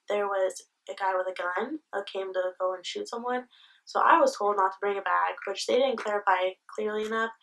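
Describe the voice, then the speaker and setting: A young woman vlogging at a medium pitch, telling her story casually and candidly. She swears freely and acts out each side of the exchange. Her voice sits some distance from the microphone. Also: gravelly, a bit bright. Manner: candid, swears freely, retells the scene with quoted dialogue.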